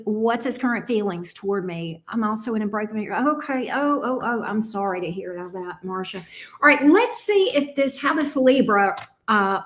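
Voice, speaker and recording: A woman with a Southern US accent hosting a casual live tarot stream, breezily greeting viewers by name in a folksy way. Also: fairly high pitch. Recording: roomy echo.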